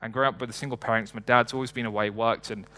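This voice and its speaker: A young man rattles through a motivational stage talk at a brisk clip. He stays energetic and conversational and tosses joking asides to the crowd. His voice rings out with a long reverb in a big hall. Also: mid-range voice. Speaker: motivational speaker. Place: stage before a live audience in a large hall.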